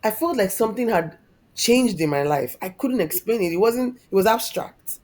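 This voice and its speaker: A woman's voice: mid-range voice, lively intonation, normal speed, a little mellow. A woman, a podcast guest telling her personal story in a heartfelt, reflective way. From Nigeria. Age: 30s. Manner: heartfelt, reflective, openly emotional.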